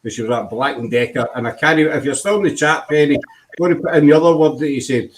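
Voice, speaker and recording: A man's voice: on the high side, very fast, slight background noise, low-quality recording. A man hosting a casual live-stream chat, laid-back and rambling with lots of fillers. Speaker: host.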